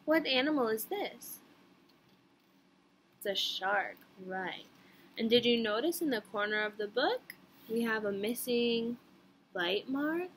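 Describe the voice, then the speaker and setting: A woman's voice: a little high, animated, slow pace, pauses often, fairly bright tone, slight background noise. A woman preschool teacher reading a picture book aloud to young children, stopping to ask them questions.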